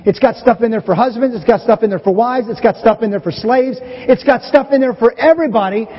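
A middle-aged pastor preaching a conversational, animated sermon to his church. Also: very high voice, brisk, breathy edge. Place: church sanctuary. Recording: dull, hazy recording with long church reverb.

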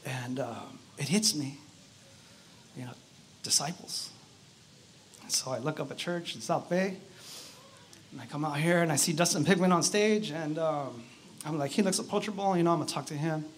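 A man giving his personal testimony at an outdoor church service, speaking in an earnest, halting way with many fillers. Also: a little high, slight background noise. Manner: halting, earnest, frequent "you know" fillers.

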